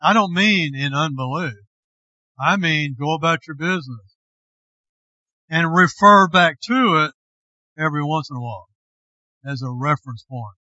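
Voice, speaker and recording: Slow deliberate male pastor preaching, bright voice, kinda dull lo-fi sound. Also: on the high side, lively intonation, dry recording. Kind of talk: sermon.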